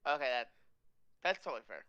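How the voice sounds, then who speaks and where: Bright, crisp game master on a dull lo-fi mic. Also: mid-range voice, very animated, fast talker. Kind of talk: running a tabletop game.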